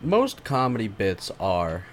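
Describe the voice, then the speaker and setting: A man's voice: lowish voice, huge pitch swings, slow. A man in casual comedy chat, riffing on bits and laughing often.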